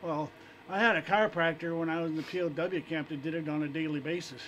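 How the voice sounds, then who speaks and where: An American man co-hosting a live internet radio show, trading dry deadpan jokes. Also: a little high, fast, a little hiss or hum, rough recording. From USA.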